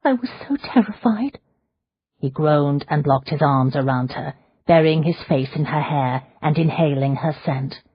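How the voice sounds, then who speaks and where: A woman reads a novel aloud in a measured, dramatic storytelling manner, her voice low and husky. The sound is close and dry, with a slightly dull, muffled tone. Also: little pitch movement. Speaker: audiobook narrator. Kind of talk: scripted narration.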